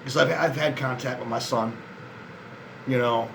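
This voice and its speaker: A man's voice: mid-range voice, fairly even intonation, unhurried, vocal fry, background noise. A tired man vlogging to his viewers in a rambling, frustrated way, jumping between thoughts and swearing often. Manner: frustrated, disappointed and resigned. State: worn out. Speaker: vlogger addressing male viewers. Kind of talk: casual spoken monologue to camera.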